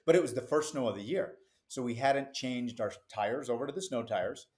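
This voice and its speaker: Brief: middle-aged man, podcast guest, lively storyteller, mid-pitched and chatty, quick asides, laughs easily. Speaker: business founder, podcast guest. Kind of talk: casual interview storytelling.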